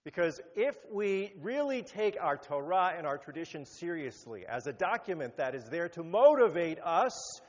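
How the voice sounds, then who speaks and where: A rabbi giving a sermon, animated, rising to emphatic peaks and then dropping low. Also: male voice, normal speed, few pauses. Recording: muffled sound with long hall reverb.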